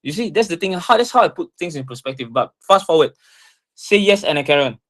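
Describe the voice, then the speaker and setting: A tearful man in an emotional personal monologue, impassioned and profane, full of halting restarts. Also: fairly high pitch, expressive, a bit bright. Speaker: speaker talking with an AI assistant.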